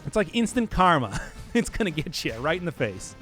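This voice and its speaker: Young guy streaming a game, chatty and rambly, laughs a lot, voice sits a bit high and jumps around. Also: big pitch swings, normal speed, a bit bright, faint music behind. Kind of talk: live gameplay commentary.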